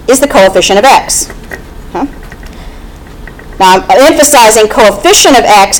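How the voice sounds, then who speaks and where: A woman's voice: fairly high pitch, a little hiss or hum, rough recording. A woman teaching a math class, explaining step by step and often checking in with "okay?". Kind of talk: classroom lecture.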